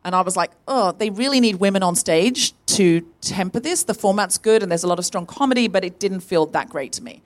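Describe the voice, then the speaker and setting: A woman co-hosting a live comedy podcast, telling a personal story in an animated way and acting out the voices of the people in it. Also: medium pitch, brisk, few pauses. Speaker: podcast co-host. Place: live venue stage.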